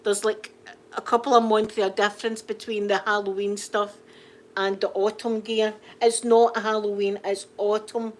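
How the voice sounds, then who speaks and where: A middle-aged woman from Scotland chats casually with viewers on a livestream, rambling and laughing often. She speaks at a moderate pace with a medium pitch and level tone.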